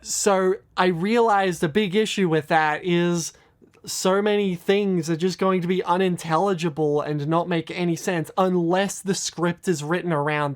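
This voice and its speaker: Rambling, self-deprecating video creator, chatty and unscripted. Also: medium pitch. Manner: rambling, self-deprecating, many fillers and restarts. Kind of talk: casual commentary vlog.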